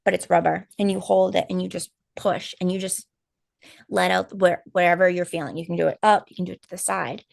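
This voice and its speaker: A woman co-hosting a live stream, telling a personal story in casual chat, animated and full of fillers and quoted asides. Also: on the low side, a little fast, gravelly, no room sound, studio quality. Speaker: co-host of a spiritual healing live stream.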